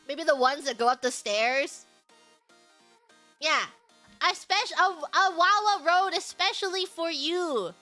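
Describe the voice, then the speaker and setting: A young woman streaming, chatting casually in a bubbly, giggly, excitable way. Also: extremely high pitch, takes it slowly, faint music behind.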